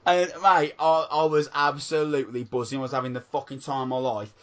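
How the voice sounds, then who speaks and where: A man co-hosting a podcast, chatting excitedly and swearing constantly. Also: mid-range voice, fairly quick. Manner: excitable, swears a lot, calls people mate. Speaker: podcast co-host. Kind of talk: casual chat.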